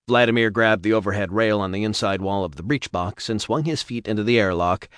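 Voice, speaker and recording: A man reading a science fiction audiobook in a steady, even narration on a studio mic. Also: lowish voice, no echo. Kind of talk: scripted narration.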